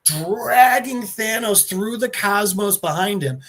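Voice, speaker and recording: Excitable man retelling a comic. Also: sits high, takes it slowly. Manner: excitable storyteller, restarts mid-sentence. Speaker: podcast co-host. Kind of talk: animated comic-book retelling.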